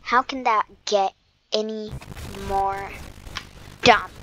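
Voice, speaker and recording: A woman giving casual gameplay commentary, playful and self-mocking, with bursts of excited exclamations. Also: mid-range voice, slow pace, slight background noise, low-quality recording. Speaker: gamer commentator.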